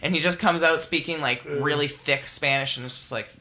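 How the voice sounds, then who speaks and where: A man's voice: on the high side, steady tone, fairly quick, sharp tone. A man co-hosting a podcast in earnest casual chat, full of fillers. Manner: earnest, talks with many fillers.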